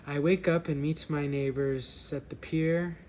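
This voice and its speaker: A man's voice: a little high, steady tone, a little slow, darkish tone, a little hiss or hum, close to an everyday voice. A man voicing an easygoing village fisherman while reading a story aloud. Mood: content.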